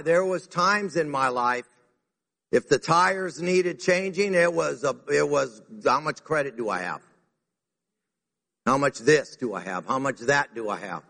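A man preaching a sermon to a church congregation in an animated way, acting out the words he quotes. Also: medium pitch, vocal fry. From United States. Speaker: pastor. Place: church sanctuary. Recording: reverberant hall.

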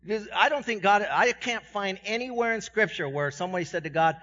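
A pastor preaching a sermon to his congregation in a conversational way, with self-deprecating humor, his voice swinging from loud and high to quiet and low. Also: fairly quick, hardly any pauses. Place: church sanctuary. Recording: dull sound with long reverb in a church hall.

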